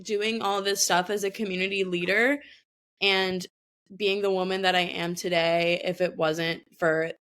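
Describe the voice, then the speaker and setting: Podcast guest: woman in her 20s, low-set voice, animated casual storyteller. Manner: chatty, animated, many fillers and laughs. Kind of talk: casual chat.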